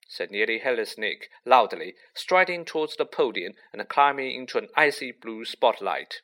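The man narrates a storybook for an audiobook, his mid-range delivery careful and full of expression.

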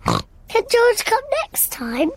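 A woman's voice: very high-pitched, wildly swooping pitch, takes it slowly, vocal fry, full character voice, rough recording. A woman voicing a bossy, cheerful little girl pig in a cartoon, proud and giggly. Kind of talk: cartoon voice acting.

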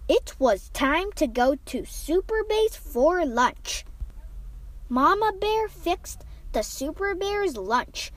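A woman reading a children's picture book aloud, with gentle, expressive storytelling and lively voices for the characters. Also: very high-pitched, slow pace.

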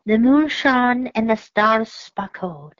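A woman voicing a calm, kindly owl in a read-aloud picture book, speaking gently and reassuringly. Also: a little high, slow, no room sound. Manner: gentle, reassuring storybook reading. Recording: dull lo-fi dry recording.

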